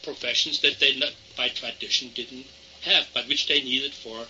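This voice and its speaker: A man from southern Germany with a German accent, answering interview questions in a measured, explanatory way. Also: medium pitch, steady tone, sharp tone, a little hiss or hum. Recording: dull lo-fi archival audio.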